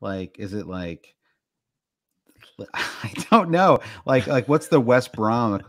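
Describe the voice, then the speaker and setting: A man's voice: mid-range voice, very animated, slow, fairly bright tone, no echo, studio quality. A man with a Midwestern American accent, co-hosting a casual podcast chat and rambling through many fillers and restarts. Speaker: podcast co-host.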